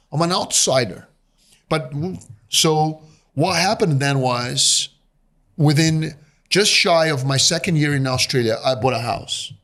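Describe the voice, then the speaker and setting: A lively man in his fifties with a Brazilian Portuguese accent tells his story as a guest, jumping into acted-out voices as he goes. His voice sits a little high for a man, and his pitch swings widely from line to line. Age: 50s. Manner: animated storyteller who acts out voices. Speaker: guest investor. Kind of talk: storytelling interview.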